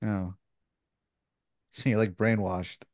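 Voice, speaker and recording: A man's voice: lowish voice, flat delivery, slow, darkish tone, no echo, clean studio sound. Hesitant playful male player. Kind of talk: improvised role-play as a player.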